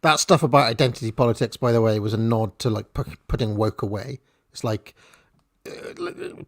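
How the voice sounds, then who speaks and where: A man's voice: mid-range voice, normal speed, no room sound, clean studio sound. A man giving blunt, irreverent political commentary in a casual, profane rant.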